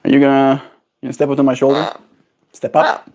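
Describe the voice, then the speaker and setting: A man's voice: mid-range voice, completely flat delivery, fast, darkish tone. A man streaming casual chat while cooing affectionate baby talk to his pet bird at home.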